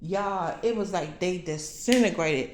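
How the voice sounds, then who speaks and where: A woman's voice: fairly low pitch, measured pace, reverberant, a little hiss or hum. A woman vlogging, telling her viewers a story in an emphatic, profane, fired-up way. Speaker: vlogger telling a spiritual vision.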